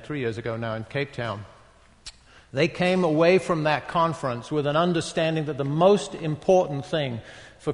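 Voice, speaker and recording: Higher-voiced man with a northeast English accent. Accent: northeast English, softened by decades in the US. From northeast England. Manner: conversational, halting, with many fillers and self-deprecating asides. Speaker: guest speaker at a retreat. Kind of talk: interactive talk to a live audience. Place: large hall with an audience. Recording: long reverb of a large hall.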